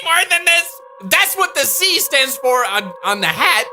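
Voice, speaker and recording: A man's voice: extremely high pitch, sing-song, measured pace, pushed and bright, soft background music. A man giving sarcastic, exasperated comedic reaction commentary as a YouTube host. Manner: sarcastic, exasperated, laughing at what he watches.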